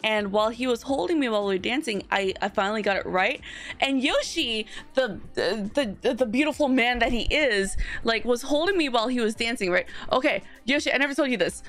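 A young woman with a high voice tells a story in a casual chat, candid and giggly, swearing freely. Faint music plays softly under her voice. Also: animated, fairly quick. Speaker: guest.

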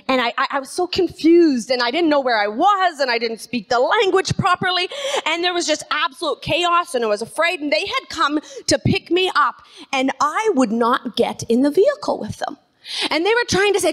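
High-voiced woman preaching. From Canada. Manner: energetic, calls on the congregation to repeat phrases. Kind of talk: sermon. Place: church sanctuary.

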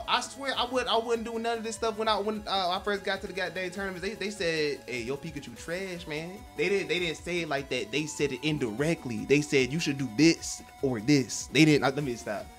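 A young man chatters through a live fighting-game stream, excitable and quick to call himself out. His voice sits high, and faint game music plays underneath. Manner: excitable, self-deprecating, swears mildly. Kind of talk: casual gaming commentary.

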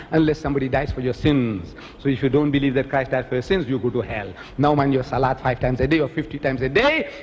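A man's voice: medium pitch, slight background noise. A man preaching an impassioned religious lecture, often mimicking other people in a raised voice. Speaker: Islamic preacher. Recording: reverberant hall, faint ambience.

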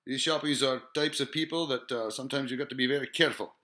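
A man's voice: mid-range voice, fairly even intonation, fast, bright, forceful tone. A man in a rambling, profane monologue, full of hesitations and rhetorical questions. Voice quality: profane, rambling, lots of filler sounds. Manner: digressive, musing, asks rhetorical questions.

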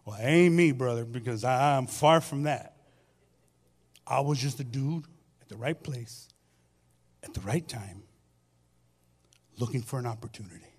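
A man preaching a sermon as pastor, telling stories with repeated phrases and swinging between loud and soft delivery. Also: medium pitch, a little slow, pauses often, breathy edge. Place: church sanctuary.

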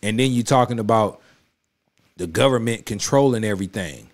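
A man's voice: on the low side, moderate pace. Emphatic man reacting to a political clip. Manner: emphatic, repetitive, conversational street talk; addresses the clip directly with rising heat. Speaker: reaction video host. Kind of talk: casual political reaction commentary. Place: home studio.

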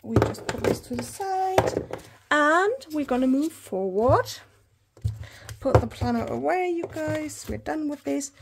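A woman in her thirties chatting through an unboxing haul, gushing and excitable, often talking straight to her viewers. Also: high-pitched, slow. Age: 30s. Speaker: planner hobby vlogger.

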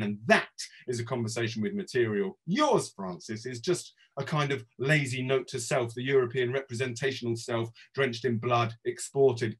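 An author from England with a medium-pitched voice gives a theatrical reading of his own prose, swinging between loud outbursts and quiet murmurs.

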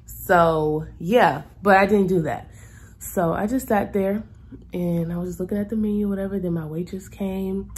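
A young adult woman vlogging to camera, telling a story in a casual, animated and exasperated way with colloquial asides. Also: medium pitch, normal speed, husky.

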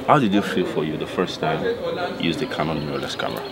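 A man's voice: extremely low pitch, quick pace. A Nigerian man hosting a casual vlog, asking friends playful questions with a laugh. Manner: playful, laughing, mixes in Yoruba phrases. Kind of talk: casual chat at a hangout. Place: outdoors at a busy hangout. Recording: voices of a crowd around. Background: crowd chatter.

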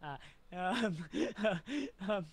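A woman's voice: medium pitch, lively intonation, drawn-out words, a crowd in the background. A woman playing an online game, pleading in a theatrical, exaggerated way during a meeting. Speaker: game player. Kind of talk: playful mock-dramatic game chat.

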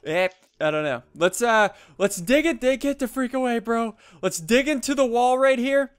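A young man giving excitable, jumpy gameplay commentary, laughing often and yelping when startled. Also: very high-pitched, moderate pace, smooth. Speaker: gaming YouTuber. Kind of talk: Let's Play commentary.

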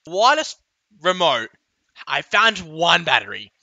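Comedic vlogger, male, slightly high voice, dry close sound, over-the-top ranting. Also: sing-song, measured pace, creaky, sharp tone, no room sound, highs cut off. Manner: exaggerated, ranting, yelps and outbursts. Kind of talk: comedic rant vlog.

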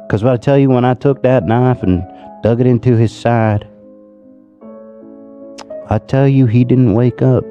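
A man voicing a menacing rural Southern man who slowly confesses a killing, in a put-on Southern US accent. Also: fairly low pitch, dark tone, close to an everyday voice. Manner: slow drawl, musing and sinister.

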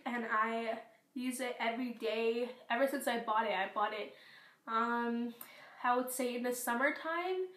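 Teen girl, slightly high voice, hoarse from losing her voice, echoey room. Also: a bit bright. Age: teens. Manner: chatty, rambling, lots of fillers. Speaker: beauty vlogger. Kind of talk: casual product review vlog.

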